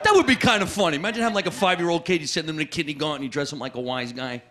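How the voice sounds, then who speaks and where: Animated male comic in an echoey club. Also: rapid-fire. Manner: animated, mimics his mother in high-pitched bursts. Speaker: stand-up comedian. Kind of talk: stand-up set and chat. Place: comedy club stage. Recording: echoey club with loud crowd noise.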